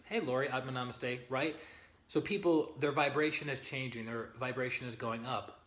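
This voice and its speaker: A man teaching on spiritual growth in an earnest, steady way. His voice sits at an ordinary middle pitch, and he keeps checking that his listeners follow along. The sound carries a roomy echo. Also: fast. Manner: earnest, often checking in with "okay?" and "right?". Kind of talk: live-streamed spiritual teaching.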